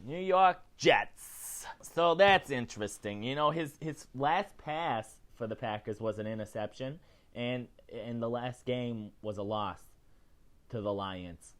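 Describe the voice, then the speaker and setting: A man hosting a casual celebrity news show, chatty and animated, often tagging his lines with "okay?". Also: mid-range voice, slow. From not British. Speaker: host.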